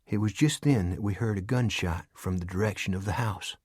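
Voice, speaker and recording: A man's voice: lowish voice, fairly quick, a little mellow, breathy edge, no echo. Male audiobook narrator, dry close sound. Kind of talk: scripted narration.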